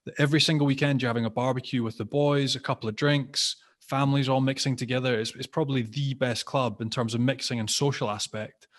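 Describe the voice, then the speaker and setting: A man's voice: medium pitch, fairly even intonation, quick pace, hardly any pauses. A man co-hosting a rugby podcast, chatting enthusiastically and asking his guest questions. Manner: enthusiastic, conversational. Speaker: podcast co-host, former rugby player. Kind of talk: casual podcast chat.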